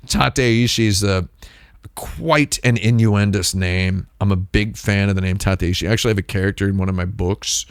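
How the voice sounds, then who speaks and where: A man's voice: sits low, vocal fry, no echo, clean studio sound. A man hosting a live stream, chatting casually in a rambling, digressive way with lots of restarts. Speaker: livestream host.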